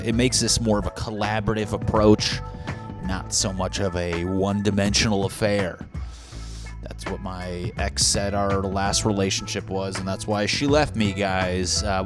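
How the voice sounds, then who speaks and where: A young man hosting a solo podcast from his apartment, talking in a brash, joking, profane way. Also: deep voice. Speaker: podcast host. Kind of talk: casual solo podcast monologue. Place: apartment room.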